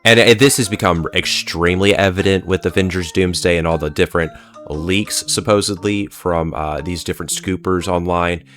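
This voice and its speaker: A man's voice: low voice, fairly even intonation, moderate pace, a bit bright, soft background music. A man giving a rambling, profane solo video commentary, full of "like" and "uh". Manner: rambling, profane, heavy use of "like" and "uh". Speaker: pop culture commentator.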